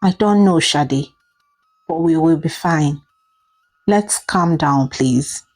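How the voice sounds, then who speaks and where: A woman's voice: slow, a little mellow, soft background music. A woman voicing an anxious young man who coaxes and reassures. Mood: soothing. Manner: low, coaxing, reassuring. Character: young man, anxious boyfriend trying to soothe.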